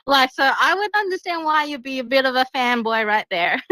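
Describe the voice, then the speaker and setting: A woman who bakes for a living, chatting casually in an online audio room, bubbly and quick to laugh. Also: high-pitched, sharp tone, no echo, poor audio. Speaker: guest baker.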